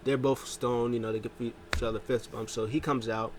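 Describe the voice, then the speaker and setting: A man casually recapping a wrestling show, telling it with lively jumps into quoted lines. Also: normal speed. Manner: animated retelling, jumps pitch to quote wrestlers.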